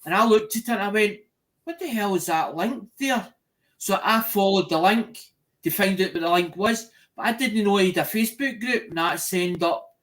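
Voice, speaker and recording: A man's voice: high voice, a bit bright. A man in a casual group chat, telling a rambling story and repeating himself. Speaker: chat participant.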